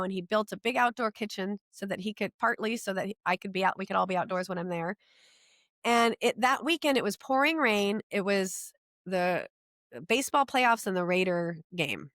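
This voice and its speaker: A middle-aged woman shares her own story as a guest, earnest and animated as she talks. Her voice sits at a middle pitch, and the sound is close and dry with no room echo. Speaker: podcast guest. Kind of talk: personal storytelling in conversation.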